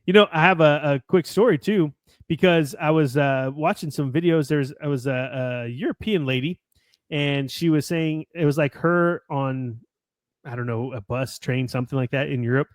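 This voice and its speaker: American man, podcast co-host, casual rambling chat, slightly high voice, dry close sound. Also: moderate pace, no echo. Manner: chatty, rambling, laughs often.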